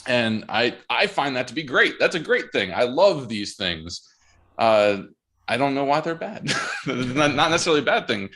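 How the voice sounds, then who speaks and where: A man in a band, a guest on a podcast, talking in a relaxed, reflective way. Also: mid-range voice, normal speed. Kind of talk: casual interview chat.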